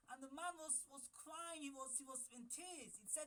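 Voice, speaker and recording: A man giving a Torah talk as a story, halting and repeating words, with Hebrew and Yiddish terms mixed in. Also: low-quality recording. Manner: grows louder and higher when quoting the story's figures. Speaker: Torah speaker.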